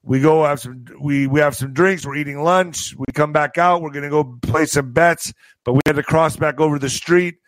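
A man telling a profane story to his video audience, animated and full of spoken sound effects. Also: fairly high pitch, moderate pace, dry recording, rough recording. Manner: slips into a Spanish-accented put-on for quoted locals. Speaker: vlogger and author telling stories. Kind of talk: casual storytelling to camera.

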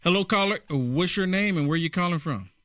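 A man's voice: high-pitched, animated, fairly quick, fairly bright tone, no echo. Indignant male talk show host. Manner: indignant, pointed questioning. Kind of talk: political talk radio.

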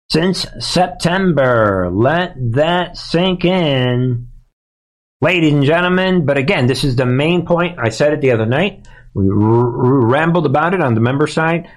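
Emphatic, combative male talk host. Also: a little high. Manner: emphatic, repetitive, addresses audience as ladies and gentlemen; indignant and combative. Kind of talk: political commentary livestream.

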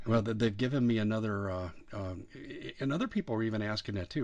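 A man hosting a talk show, speaking in a measured, assertive way. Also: fairly low pitch, a little mellow. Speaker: host.

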